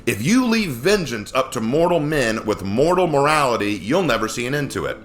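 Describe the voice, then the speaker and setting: A man teaching a casual Bible study, expressive and acting out quoted lines in character voices. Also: mid-range voice, moderate pace, slight background noise.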